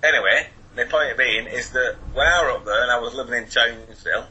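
A man's voice: mid-range voice, fairly quick, pushed and bright, highs cut off. A man in his forties with a Wigan accent, chatting as a podcast guest over an internet call, rambling with many restarts. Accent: Wigan, Lancashire. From Wigan, England. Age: 40s. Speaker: podcast guest, football fan. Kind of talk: casual remote interview.

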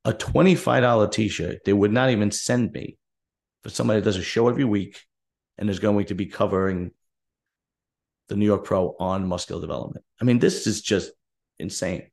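Deep-voiced guy ranting about how he got treated, blunt and fed up, does the other people's lines too. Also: steady tone, a little fast, gravelly, darkish tone. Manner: direct, aggrieved, recounting dialogue. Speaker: podcast host. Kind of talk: casual storytelling monologue.

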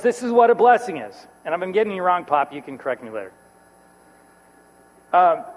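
A man with a fairly high voice preaches, telling a personal story and slipping into the voices of the people in it. His words ring out with a long reverb in a large hall. A low mains hum runs underneath. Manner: storytelling, acts out quoted voices, laughs between lines. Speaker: pastor.

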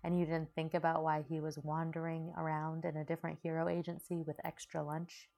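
An earnest, kind-hearted young hero speaks softly, with a gravelly low tone, as a woman reads him aloud. He teases gently and sounds caring. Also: monotone, fairly quick. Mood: teasing. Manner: soft and warm, teasing, caring.

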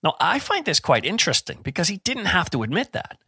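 A middle-aged man giving an informal Bible talk in a chatty, animated way with self-deprecating humour. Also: high voice, brisk, creaky, slightly rough, dry recording, clean studio sound. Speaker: preacher.

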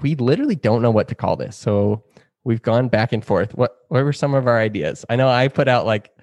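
Young male podcast co-host, casual and chatty, laughs a lot, mid pitch, dry close mic. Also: animated, fairly quick, a little mellow, no echo, muffled recording. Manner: chatty, laughs often, fillers like "like". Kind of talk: casual chat.

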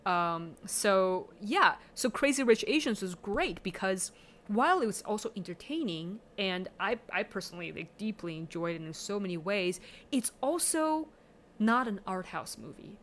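A woman's voice: mid-range voice, very animated, normal speed, a bit bright, slight background noise. A woman talking casually and analytically about movies, with plenty of fillers. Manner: chatty, analytical, many fillers. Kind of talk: casual film discussion.

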